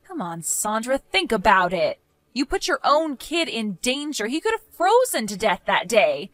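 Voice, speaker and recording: A woman's voice: mid-range voice, animated, normal speed, a bit bright, no room sound. A woman narrating a first-person story and speaking firmly, scolding a neighbor. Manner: firm, scolding.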